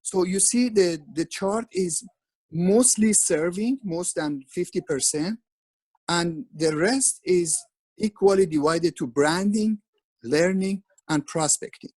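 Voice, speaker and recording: A man's voice: high-pitched, slow, a little mellow, low-quality recording. A man speaking as a webinar presenter over a video call, instructing in an earnest, repetitive way with frequent restarts.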